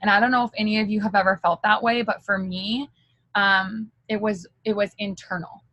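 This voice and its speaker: A woman's voice: medium pitch, steady tone, moderate pace, fairly bright tone, no room sound, dull audio. A woman giving a candid motivational talk as a direct-sales team leader, chatty and full of fillers.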